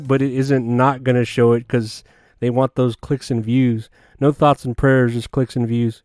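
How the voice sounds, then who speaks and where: A man's voice: mid-range voice, steady tone, moderate pace, darkish tone, dry recording, clean studio sound, faint music behind. A man hosting a solo comedy podcast, rambling through crude, offhand jokes. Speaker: podcast host.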